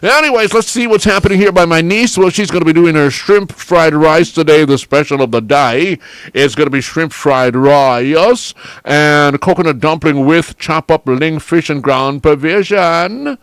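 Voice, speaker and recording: A man's voice: on the high side, normal speed, clean tone, dry recording. A man with an Antiguan accent hosting a radio show, chatting casually and reading out lunch specials with relish. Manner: chatty, chuckling, savoring the food aloud. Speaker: radio host.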